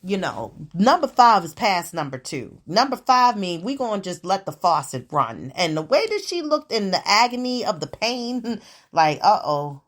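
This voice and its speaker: A woman hosting her own show, telling everyday stories in a sassy, profane, animated way. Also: mid-range voice, normal speed. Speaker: podcast host. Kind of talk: casual storytelling monologue.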